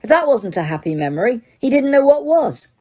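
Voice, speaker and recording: A woman narrating an audiobook in a steady, dramatic storytelling manner. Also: on the high side, a little fast. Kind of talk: scripted narration.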